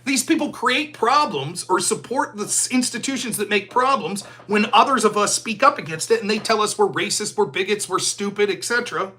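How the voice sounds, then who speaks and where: Sarcastic, animated male political commentator. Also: sits high, brisk, few pauses. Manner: sarcastic, mocking, mimics opponents in put-on voices. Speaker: political commentary show host. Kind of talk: live-stream commentary reading viewer donations.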